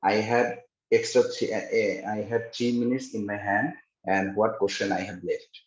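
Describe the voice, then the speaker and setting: A man describing his exam experience in a casual interview over a video call, halting, with many pauses and fillers. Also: on the low side, fairly even intonation. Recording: roomy, dull call audio.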